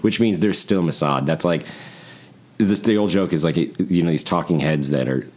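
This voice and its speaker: A man with an extremely deep, low voice talks through a casual podcast chat. He rambles and swears freely, and he jumps into other people's voices as he tells a story. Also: moderate pace. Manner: profane, rambling, animated storytelling. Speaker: podcast co-host. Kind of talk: casual conversation.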